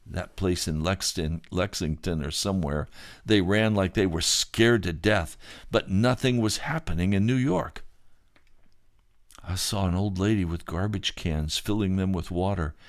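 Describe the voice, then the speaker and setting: A man recounting a dream vision in the first person, halting at times, repeating words and restarting sentences. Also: low voice, no room sound, studio quality.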